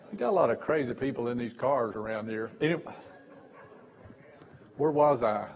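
Husky preacher telling folksy stories. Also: male voice, mid-range voice, low-quality recording. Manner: folksy, self-mocking, repeats and restarts words; bursts into sudden loud stretches. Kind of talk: storytelling sermon.

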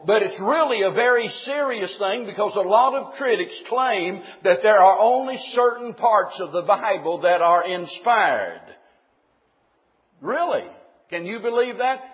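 A man's voice: high-pitched, long reverb tail, dull audio. A man preaching a sermon, emphatic, putting questions to the congregation and answering them himself.

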